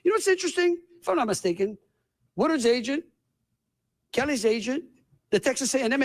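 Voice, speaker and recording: A man's voice: very high voice, sing-song, brisk, long pauses. A man with a Louisiana accent, a state governor giving emphatic, rambling, folksy press conference remarks.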